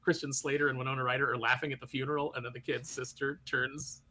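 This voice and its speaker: A man's voice: medium pitch, level tone, fast talker, bright, forceful tone. A man co-hosting a pop culture podcast, telling stories bluntly in casual chat. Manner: emphatic, blunt storyteller. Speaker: podcast co-host.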